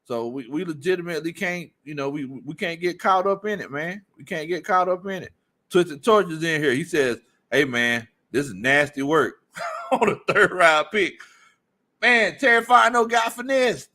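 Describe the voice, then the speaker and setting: A man hosting a casual sports livestream, reading viewer comments aloud and breaking into loud laughter. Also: fairly high pitch, normal speed. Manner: laughs often, loud animated outbursts. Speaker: sports stream host.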